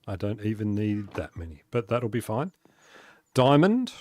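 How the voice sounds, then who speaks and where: A man's voice: on the low side, very animated, unhurried, a little mellow, no room sound. An Australian man chatting casually on a live game stream, talking to viewers and laughing often. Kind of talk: casual gaming stream chat.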